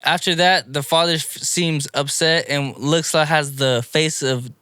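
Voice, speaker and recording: Guy rambling through an anime recap, bright clear voice, dry close sound. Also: fairly high pitch, measured pace, dry recording. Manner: rambling, animated play-by-play with frequent restarts. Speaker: podcast co-host. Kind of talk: casual chat recapping anime episodes.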